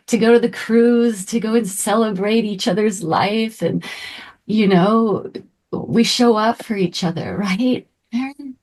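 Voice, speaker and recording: A middle-aged woman leading a spiritual group talk as a manifestation coach, effusive and emotional, sometimes dropping into soft breathy asides. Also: mid-range voice, slow pace.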